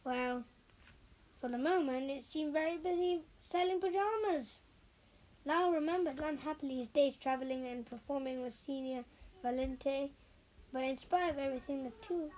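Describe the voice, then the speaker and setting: High-voiced woman reading a children's story. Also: poor audio. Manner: expressive, with small slips. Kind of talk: children's story read aloud.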